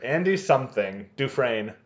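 A man's voice: mid-range voice, sing-song, lo-fi sound. A man co-hosting a podcast, joking and punning as he casually recaps a TV episode. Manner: jokey, punning, quick to agree. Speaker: podcast co-host.

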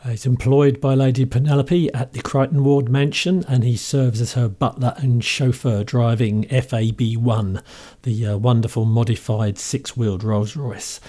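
Chatty Cockney host. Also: male voice, mid-range voice, steady tone, moderate pace, mellow. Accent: London Cockney. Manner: chatty, amused, fond. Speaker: podcast host. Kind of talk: casual enthusiastic commentary.

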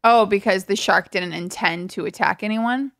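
A woman's voice: mid-range voice, moderate pace, vocal fry, fairly bright tone, no echo, clean studio sound. A young woman co-hosting a podcast in casual chat, wry and self-deprecating, telling stories dramatically. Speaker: podcast co-host.

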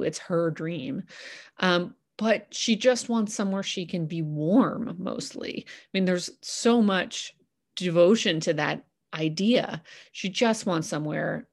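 A woman host talking through a musical's songs in a casual, enthusiastic and chatty way, with fillers. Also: lowish voice. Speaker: podcast host analysing a musical. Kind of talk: casual analytical commentary.

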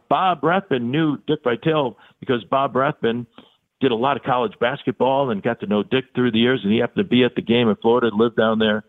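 A man's voice: medium pitch, a little fast. An older man, a sportscaster, telling stories in an interview and acting out the dialogue. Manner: animated storyteller who acts out quoted dialogue. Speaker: sportscaster, podcast guest. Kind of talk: storytelling in an interview. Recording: phone-line audio.

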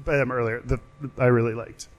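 A man's voice: mid-range voice, level tone, fairly quick, highs cut off. A man co-hosting a live podcast at a brewery, teasing and joking with the audience and laughing often. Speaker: podcast co-host.

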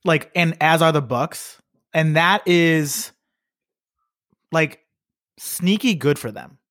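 Male co-host, slightly high voice, dry sound, loose rambling analysis. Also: slow pace, fairly bright tone, no room sound. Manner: rambling, filler-heavy, profane. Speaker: podcast co-host. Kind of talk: casual sports chat.

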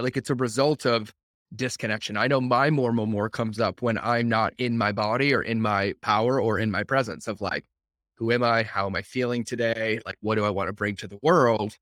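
Man, podcast host, energetic, emphatic repetition, casual chat, dry sound. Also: medium pitch, no echo. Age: adult, working professional. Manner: energetic, emphatic, repeats words for effect.

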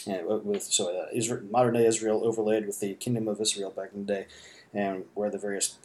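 A man's voice: on the low side, flat delivery, fairly quick, a little mellow. A man giving casual, rambling commentary full of fillers and asides. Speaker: podcast host commenting.

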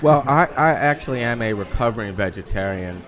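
A man talks easily as a guest on a radio show, pausing to chew between his words. His voice sits in a middle pitch. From New Orleans. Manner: relaxed, talking with his mouth full. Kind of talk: casual radio chat.

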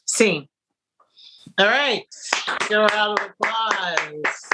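A woman's voice: medium pitch, slow pace, background noise. A woman hosting a podcast about actors, chatting casually and joking as she runs the segment. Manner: breezy, joking, directs the segment. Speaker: podcast host. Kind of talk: casual chat.

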